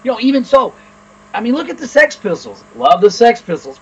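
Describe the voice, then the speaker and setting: A man's voice: very high-pitched, sing-song, fairly quick, fairly bright tone, breathy edge, highs cut off. A man co-hosting a podcast in casual chat, blunt and opinionated, swearing freely. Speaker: podcast co-host.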